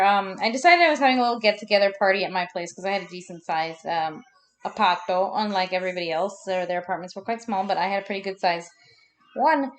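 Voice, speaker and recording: A woman in her thirties telling personal stories to camera in a chatty, rambling way, laughing as she goes. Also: mid-range voice. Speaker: vlogger. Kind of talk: casual personal storytelling.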